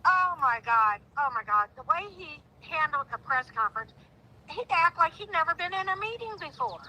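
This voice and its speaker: Brief: middle-aged woman, very bright and slightly high voice, earnest and emphatic. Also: sing-song, moderate pace, rough recording. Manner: heartfelt, rising to indignant outbursts. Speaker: guest. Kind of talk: emotional phone-in conversation.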